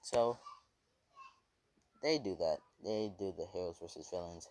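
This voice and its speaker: A man's voice: low-pitched, unhurried, a little mellow. A man casually retelling a fan story, rambling with many fillers and swearing.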